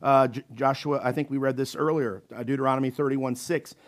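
A man's voice: medium pitch, fairly quick. A man preaching a sermon in a conversational way, checking in with "okay?" and acting out the voices in the scripture he reads. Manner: acts out panicked and calm voices in quotes. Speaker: pastor.

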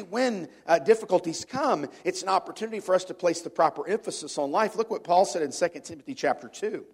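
A man's voice: sits high, gravelly. A middle-aged man preaching a sermon to a congregation in a conversational way, asking them questions and often repeating words as he goes. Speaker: pastor. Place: church before a congregation.

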